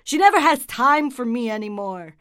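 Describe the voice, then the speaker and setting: A woman's voice: a little high, animated, moderate pace, a bit bright, pitched below the performer's own voice. A woman voicing a fed-up, neglected dog in a comic ad, whining and complaining. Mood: grumbling. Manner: whiny, complaining. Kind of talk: comic ad voice-over.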